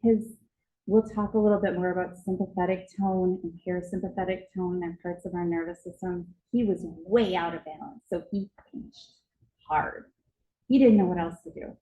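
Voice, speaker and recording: A woman's voice: lowish voice, fairly even intonation, normal speed, mellow, echoey room, low-quality recording. A woman speaking at a conference, telling a vivid story about a child and acting out its moments. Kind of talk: storytelling presentation. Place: conference hall.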